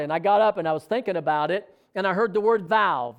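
A man preaching a sermon, telling a story with animated excitement and acting out quoted dialogue. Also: high voice, fast. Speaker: pastor.

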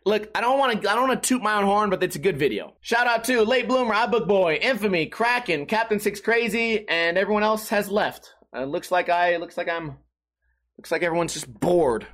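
A young man with a high-pitched voice hosts a casual solo podcast, streamed live. He rambles through stories, swears freely and pokes fun at himself. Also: expressive, brisk, fairly bright tone. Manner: rambling, profane, self-mocking.

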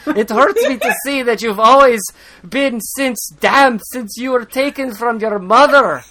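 A podcast host voicing an old male mentor who scolds in a loud, overblown, mocking way. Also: expressive, unhurried. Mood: mock-tender. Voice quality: high, loud, exaggerated parody.

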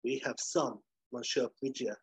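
A man's voice: mid-range voice, fairly even intonation, moderate pace, no room sound. A man doing a suave French-accented agent. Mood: cool politeness. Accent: French, put on. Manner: smooth, suave, coolly polite. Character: smooth, cold French government agent, civil but menacing.

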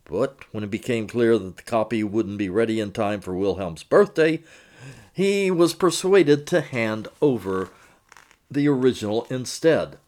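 A man reporting and narrating his own magazine feature in a measured, expressive storytelling manner. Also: medium pitch.

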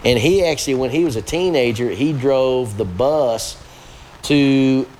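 A man's voice: medium pitch, measured pace, darkish tone, slight background noise. A man with a Kentucky accent, a guest telling rambling, folksy stories in a casual interview. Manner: rambling, folksy storytelling with many fillers. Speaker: guest, yeast scientist.

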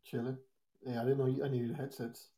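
A man's voice: mid-range voice, level tone, fairly quick, warm tone. Joking man on a phone headset. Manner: joking, crude, drops Spanish slang. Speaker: guest. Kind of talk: casual chat.

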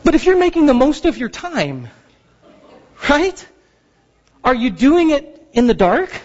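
A man in his thirties preaching a sermon as pastor, telling stories with animated, playful outbursts. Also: very high-pitched, unhurried. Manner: animated storytelling, acts out frustration with loud outbursts. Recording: dull sound with long hall reverb.

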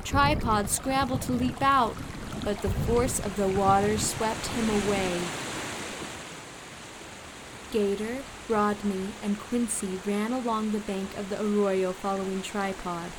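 A woman narrating a children's animal storybook in a clear, storytelling manner. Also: medium pitch, fairly even intonation, unhurried, background noise. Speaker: audiobook narrator.

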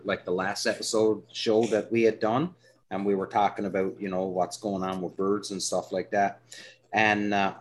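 A man from Newfoundland with a Newfoundland accent, hosting a podcast in casual, rambling chat and laughing easily. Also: lowish voice. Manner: chatty, rambling, quick to laugh. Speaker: podcast host.

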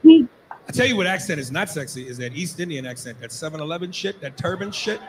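Comedian, man, rapid-fire crude bits, slightly high voice. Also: very animated, background noise. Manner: crude, brash storytelling. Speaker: stand-up comedian. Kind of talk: stand-up routine.

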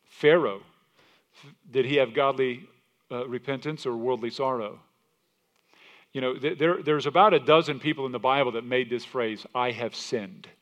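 A man's voice: medium pitch, normal speed, long pauses. A male pastor preaching a sermon, telling stories animatedly, with frequent restarts. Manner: animated storytelling with repeated restarts.

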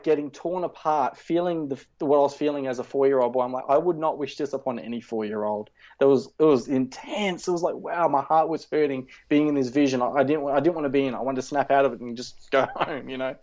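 A man in his thirties tells a personal faith story in an earnest, halting way, full of fillers and restarts. His voice sits at a middle pitch. The recording is slightly dull and lo-fi. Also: darkish tone. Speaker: speaker sharing a testimony.

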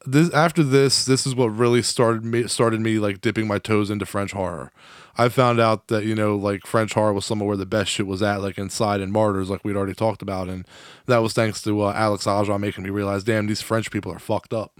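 A man's voice: on the low side, steady tone, brisk, no room sound, studio quality. A man co-hosting a podcast in casual chat, telling loose, profane stories and laughing often. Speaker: podcast co-host.

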